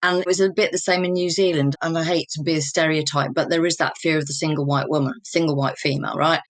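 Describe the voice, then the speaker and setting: A woman's voice: low-pitched, fairly even intonation, fast talker, no echo. Candid English woman in her fifties. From England. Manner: open, personal storytelling. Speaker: guest. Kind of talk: candid, reflective interview talk.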